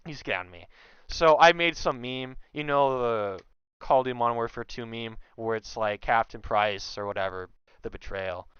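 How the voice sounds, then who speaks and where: A young man telling a story in casual chat, animated and loudly acting out what others said. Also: medium pitch, normal speed, smooth, no room sound, dull audio. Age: young adult. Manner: animated, acts out quotes loudly. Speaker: guest.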